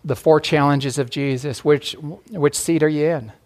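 Gentle pastor with a slightly high voice. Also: male voice, steady tone. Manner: gentle, inviting, halting restarts. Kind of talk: sermon.

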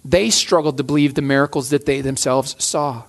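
A man's voice: mid-range voice, steady tone, normal speed, vocal fry. A man preaching a sermon as a pastor, earnest, often restarting and repeating phrases.

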